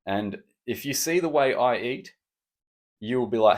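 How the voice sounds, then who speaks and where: A man's voice: mid-range voice, animated, normal speed, a little mellow. A man hosting a solo podcast, chatting in a rambling, cheeky, self-mocking way. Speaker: podcast host. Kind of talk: casual solo podcast chat.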